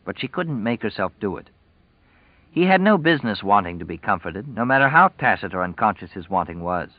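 A man reading a novel aloud as audiobook narrator, steady and measured. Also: on the low side, dry recording, dull audio. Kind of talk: scripted narration.

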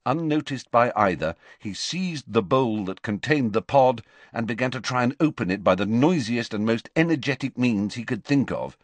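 A man narrating an audiobook in an expressive, measured storytelling manner. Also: mid-range voice, no room sound.

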